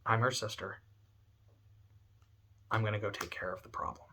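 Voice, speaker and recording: A man's voice: fairly low pitch, fairly even intonation, moderate pace, sharp tone. Casting: man doing a determined older sister, blunt and firm.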